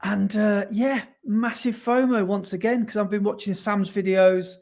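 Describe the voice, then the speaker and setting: With a high, darkish voice and fairly even intonation, a man co-hosts a relaxed podcast at an unhurried pace. The conversation is rambling and chatty, and he often backtracks mid-sentence to correct himself.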